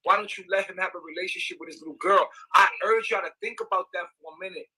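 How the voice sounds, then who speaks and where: A man's voice: high voice, fast talker, pushed and bright, breathy edge, rough recording. Agitated man ranting on a livestream. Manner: agitated, repetitive, profane, emphatic.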